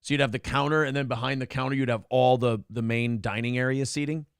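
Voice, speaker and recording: A man's voice: mid-range voice, fairly even intonation, fast talker, clear, resonant tone, dry recording, studio quality. A man hosting a casual morning chat show, telling stories with lots of swearing and laughter. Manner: profane, storytelling, laughs often. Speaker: host.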